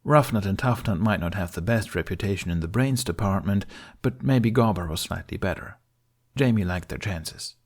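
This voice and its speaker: Male audiobook narrator, low voice, steady and emotional delivery. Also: moderate pace. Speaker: fan fiction narrator.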